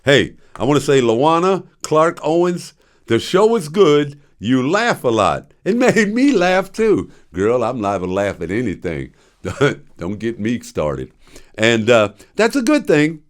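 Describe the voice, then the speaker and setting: An older man hosts his own talk show, spinning casual stories and breaking into laughter often. His pitch rolls up and down in a lively way as he mimics voices from his tales, at an ordinary middle pitch. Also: unhurried. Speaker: show host. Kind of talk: casual storytelling monologue.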